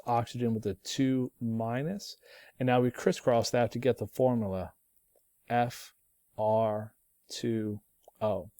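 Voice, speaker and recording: A relaxed man walks through a chemistry lesson, often pausing with ums and starting lines over. His voice is mellow and dark. It is recorded close up and dry, with no room sound. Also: medium pitch, no room sound. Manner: relaxed, thinking aloud with many ums and restarts. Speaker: chemistry teacher.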